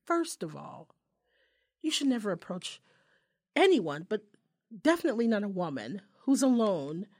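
A woman's voice: medium pitch, very animated, normal speed, pauses often, a little mellow. A young adult woman co-hosting a casual chat, telling a story with a lot of profanity and acting out the people she quotes. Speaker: podcast co-host.

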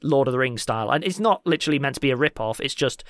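A man co-hosting a casual podcast Q&A, animated and teasing, quick to laugh. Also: mid-range voice, no echo, clean studio sound. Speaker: podcast co-host.

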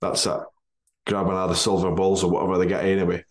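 A Scottish man hosting a casual football podcast, jokey and quick to laugh, using broad dialect words. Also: low voice, monotone. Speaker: podcast host.

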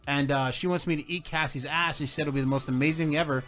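A man hosting a casual podcast chat, telling a story in a halting way with many restarts. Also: on the high side, fairly even intonation, a bit bright, faint music behind. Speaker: podcast host.

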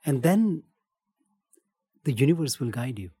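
A man with an Indian accent, a breathwork and meditation teacher, answering gently in short calm phrases. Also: medium pitch, measured pace, slightly rough, no room sound, studio quality.

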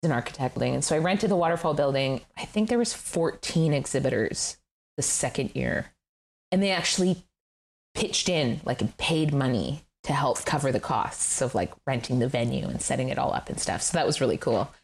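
A middle-aged woman, a guest telling her story in an interview, candid and animated, laughing often and swearing casually. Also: rumbling low, brisk, vocal fry. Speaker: guest, furniture designer. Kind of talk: conversational interview.

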